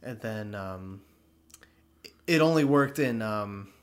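Male podcast co-host, lowish voice, rambling casual banter, profane, quick to laugh. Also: animated. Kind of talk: casual chat.

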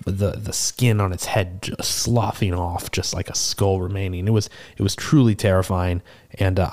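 A man playing a seasoned male tortle cleric, telling a rambling, animated, self-deprecating tavern tale in a tabletop game. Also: sits low. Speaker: player. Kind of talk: in-character tavern storytelling.

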